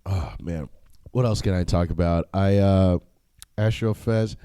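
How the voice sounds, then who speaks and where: A man's voice: deep voice, unhurried, mellow, smooth, no room sound. A young man hosting a solo podcast, talking casually in a profane, rambling way, with frequent laughs and filler words. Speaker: podcast host.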